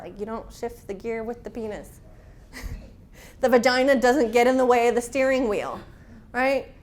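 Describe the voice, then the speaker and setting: A woman's voice: on the high side, a little hiss or hum. A woman instructor leading a class, talking frankly and casually, with personal stories. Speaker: workshop instructor.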